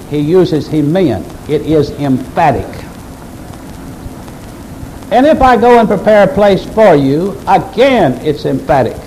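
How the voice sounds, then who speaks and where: A man's voice: on the high side, mellow, slight background noise, rough recording. A male pastor preaching a sermon earnestly and emphatically, speaking straight to his congregation.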